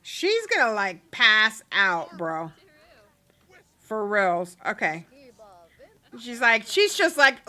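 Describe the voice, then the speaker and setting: Bright, lively woman narrating a game. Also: medium pitch, slow pace, long pauses. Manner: voices her game characters' bickering in quoted lines, laughs often. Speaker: let's play host. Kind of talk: casual gameplay commentary.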